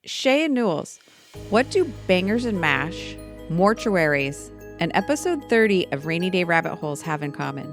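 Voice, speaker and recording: A woman's voice: fairly low pitch, sing-song, normal speed, faint music behind. An older woman co-hosting a podcast, chatting casually and animatedly, laughing often. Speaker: podcast co-host. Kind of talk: casual chat.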